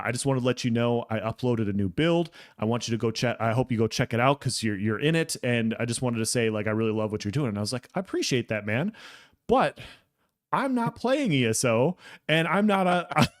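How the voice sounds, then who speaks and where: Animated rambling man telling a story. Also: mid-range voice. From Texas. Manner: animated, rambling, many fillers and restarts. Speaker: podcast co-host. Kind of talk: casual storytelling chat.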